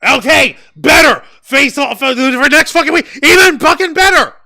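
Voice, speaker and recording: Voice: high voice, normal speed, bright, forceful tone. A wrestling review co-host ranting heatedly and emphatically, swearing constantly. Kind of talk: heated podcast rant.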